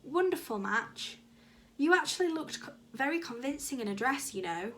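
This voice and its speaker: A woman's voice: high voice, expressive, moderate pace, fairly bright tone, a little hiss or hum, voice pushed up. A woman reading aloud, voicing a prim, theatrical female teacher who loves dropping in French words.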